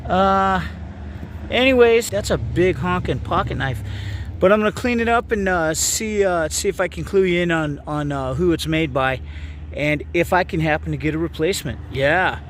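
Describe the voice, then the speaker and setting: Guy with a pretty high voice chatting away on his outdoor vlog, upbeat and rambly, lots of uhs, faint noise in the background. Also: moderate pace. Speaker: vlogger. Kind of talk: casual outdoor vlog narration. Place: outdoors by a lake.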